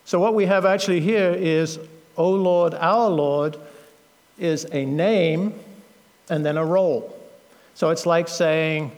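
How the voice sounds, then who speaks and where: A man's voice: on the high side, measured pace, darkish tone, big-room sound. A middle-aged British-born man giving a sermon, explaining scripture earnestly with fillers and self-corrections. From Britain. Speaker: preacher. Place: church.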